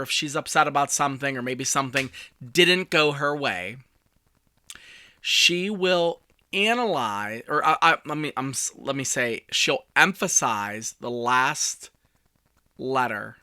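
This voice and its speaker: A communication coach in his forties hosts a podcast, chatting through stories with self-deprecating asides in casual solo talk. His medium-pitched voice sounds pushed and bright, with no room sound.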